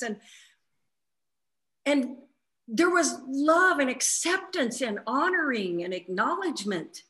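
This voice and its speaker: A woman's voice: on the high side, measured pace. A woman, a flight attendant, telling a story in casual spiritual conversation and acting out the quoted voices. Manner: animated retelling, acts out quotes.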